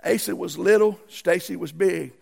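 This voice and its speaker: A man preaches a sermon in a folksy storytelling way, breaking into emphatic bursts. His voice sits high for a man and is deeply gravelly, with a husky, rough edge. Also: normal speed. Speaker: pastor.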